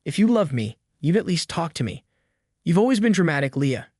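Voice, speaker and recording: A man's voice: a little high, sing-song, a little fast, darkish tone, dry recording, clean studio sound. A man voicing a guilt-tripping mother. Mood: pleading. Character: manipulative guilt-tripping middle-aged mother.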